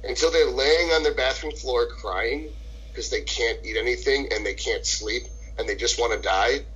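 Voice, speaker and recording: A man's voice: mid-range voice, moderate pace, slightly rough, dull audio. A man co-hosting a casual podcast, telling stories with lots of swearing and acting out the voices. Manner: profane, animated storytelling with acted-out voices. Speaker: podcast co-host.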